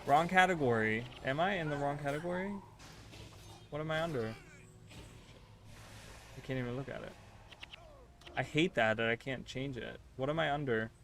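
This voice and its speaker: A man's voice: mid-range voice, moderate pace, long pauses, slight background noise. A man streaming a game live, chatting to his viewers in a casual, easily flustered and exasperated way. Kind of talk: casual livestream chat while gaming.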